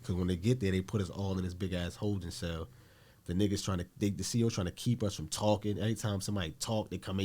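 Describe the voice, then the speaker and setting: A man's voice: sits low, fairly even intonation, rapid-fire, dark tone. A man from Newark, New Jersey, a podcast guest telling a story in casual, blunt, profane talk and acting out the voices he quotes.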